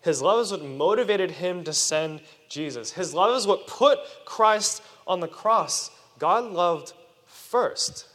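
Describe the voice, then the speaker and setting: Lively man preaching in a hall. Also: sits high, unhurried, few pauses. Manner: animated, questions the audience. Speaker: youth preacher. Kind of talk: sermon to children. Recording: long reverb of a hall.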